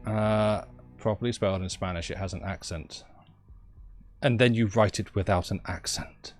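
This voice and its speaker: A British man talks casually on a live game stream, wandering from thought to thought with a wry, self-deprecating humour. His voice sits a little low. Faint music plays underneath. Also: steady tone, moderate pace. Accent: British English. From Britain.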